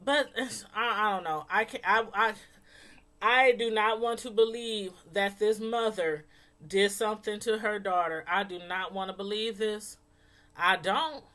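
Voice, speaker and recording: A woman hosting a casual call-in show, talking in an animated, emphatic way and often repeating herself. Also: medium pitch, a little slow. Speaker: host.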